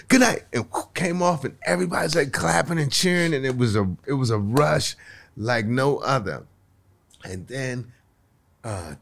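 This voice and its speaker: Male comedian, lively pitch, laughs often, acts out other people's voices in his story. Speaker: guest comedian. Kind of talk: casual storytelling.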